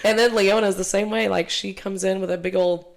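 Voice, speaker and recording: A young woman guest in casual chat, quick to react and mimicking her kids in high voices. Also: steady tone, creaky. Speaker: guest, speech pathologist.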